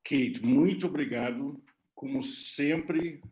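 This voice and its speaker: A man from Brazil moderates a question-and-answer session over a video call, speaking haltingly with fillers. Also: medium pitch, darkish tone. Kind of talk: hosting a Q&A.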